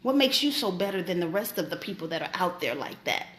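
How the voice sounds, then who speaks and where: A woman voicing God as a calm male deity who gently questions her. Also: lowish voice, fast, echoey room, voice pushed down. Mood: probing.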